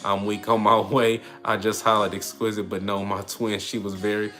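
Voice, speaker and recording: A man's voice: fairly low pitch, little pitch movement, normal speed, fairly bright tone, soft background music. A man in his thirties hosting a casual livestream, rambling through viewer comments and often asking "you get me?". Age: 30s. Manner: rambling, keeps tagging lines with "you get me?". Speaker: livestream host.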